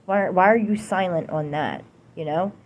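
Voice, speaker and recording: Young american woman, lowish voice, furious profane vlog rant, faint room hum behind. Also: normal speed. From United States. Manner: heated, profane, repetitive, emphatic. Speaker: vlogger. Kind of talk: angry political rant to camera.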